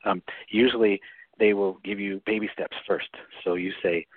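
A low, husky man talks through a thin, phone-like radio line with a dry, close sound. He explains things in a chatty way, often tagging his points with a quick "right?". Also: fairly even intonation, no room sound. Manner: chatty, frequent "right?" tags and laughs. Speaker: guest author.

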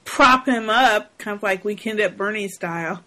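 A woman's voice: mid-range voice, normal speed, bright, forceful tone, rough recording. A woman co-hosting a podcast, casually recapping a movie, often laughing and asking questions. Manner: laughing, playful, asks questions. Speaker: podcast co-host.

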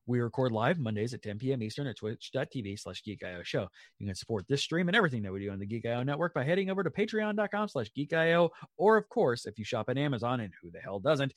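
A man's voice: medium pitch, no echo, studio quality. A man hosting a casual podcast, running through plugs and show titles, laughing often. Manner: animated, laughs often, reads plugs briskly. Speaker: podcast host. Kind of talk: casual chat.

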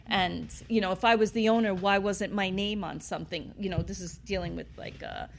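A woman's voice: mid-range voice, steady tone, fairly quick, vocal fry, slight background noise. New woman, bar owner, casual interview guest, rambling anecdotes. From New York City. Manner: rambling, full of "you know" and "like", laughs while telling stories. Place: inside an old bar.

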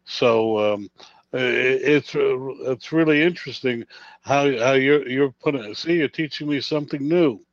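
An older man hosting a radio interview speaks slowly and haltingly, with frequent uhs and ums. The sound is dry and a little dull and lo-fi. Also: medium pitch, no room sound. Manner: halting, lots of uh and um. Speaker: radio host.

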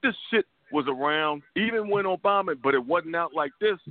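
Talk-radio co-host, man, slightly high voice; heated, stumbling, profane; phone-line sound. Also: animated, normal speed, dry recording. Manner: stammering repetitions, heated and profane. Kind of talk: casual political talk radio.

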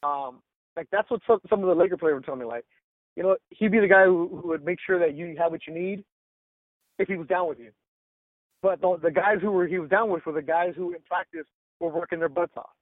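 A male sports reporter telling stories in a casual interview, animated and full of "like" and "bro", acting out quotes. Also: high-pitched, a little fast, no echo, narrow, tinny audio. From Los Angeles. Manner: animated, acts out quotes, says "like" and "bro" often.

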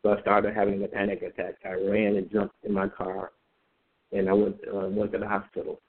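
A man telling his personal story in a halting, conversational way, with many fillers and repeated words. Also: lowish voice, completely flat delivery. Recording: phone-like narrow band.

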